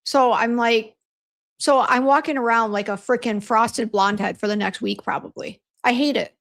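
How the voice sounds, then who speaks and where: Woman, livestream host, chatty, venting, raspy fry, slightly high. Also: fairly even intonation, normal speed, fairly bright tone. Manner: chatty, venting, lots of "like" and restarts. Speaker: beauty brand owner hosting a livestream. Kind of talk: casual livestream chat reading viewer comments.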